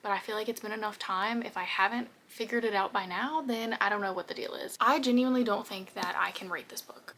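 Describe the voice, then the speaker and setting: Emotional young woman with gravelly fry. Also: mid-range voice, bright, forceful tone, slight background noise. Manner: emotional, often drops to a whisper. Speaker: book vlogger. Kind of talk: casual reading vlog.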